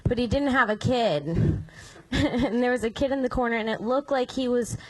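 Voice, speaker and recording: A woman's voice: a little high, moderate pace, no echo, poor audio. Young woman doing stand-up. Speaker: stand-up comedian. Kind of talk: stand-up routine.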